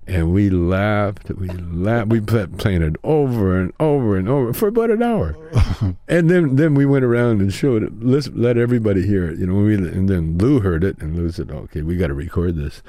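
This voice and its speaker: An older man spinning a relaxed, rambling story as a comedian guest, his voice sitting low. He drifts along with easy pauses and slips into the voices of the people in his tale. The sound is close and dry. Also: no echo.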